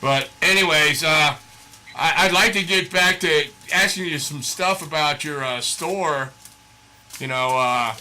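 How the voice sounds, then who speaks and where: A man's voice: fairly high pitch, pushed and bright, a little hiss or hum. A man asking casual interview questions, hesitant and full of fillers.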